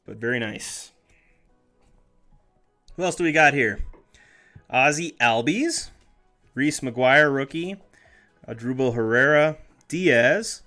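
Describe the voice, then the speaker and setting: A man's voice: medium pitch, expressive, takes it slowly, long pauses, pushed and bright, faint music behind. A man chatting casually on a live stream as he opens packs, reading names aloud, joking and correcting himself along the way. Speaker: streamer opening trading card packs.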